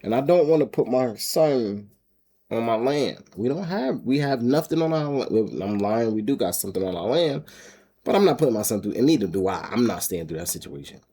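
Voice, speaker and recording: Husky-voiced man telling a story. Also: medium pitch, expressive, a little fast, warm tone. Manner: emotional, rambling with many restarts and laughs. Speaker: homestead vlogger. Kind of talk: casual storytelling to camera.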